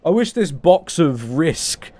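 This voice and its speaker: A man's voice: a little high, sing-song, takes it slowly, a little mellow. A young man streaming a game, chatting casually with his viewers in a rambling, self-mocking way and swearing often. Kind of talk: casual gameplay chat with stream chat.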